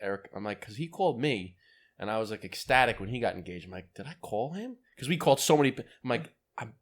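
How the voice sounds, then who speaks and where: A man's voice: medium pitch, animated, fast. A young man co-hosting a podcast, telling a trip story in casual chat, rambling with restarts and casual swearing. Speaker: podcast co-host.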